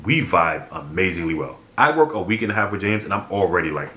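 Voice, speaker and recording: Deep-voiced man telling a story bluntly. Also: a little fast. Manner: blunt and animated, swears freely. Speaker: vlogger. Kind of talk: casual storytelling monologue. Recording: echoey room.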